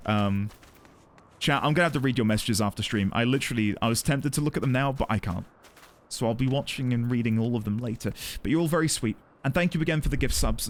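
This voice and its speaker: A man streaming a game, rambling and flustered as he thanks his chat effusively. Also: mid-range voice.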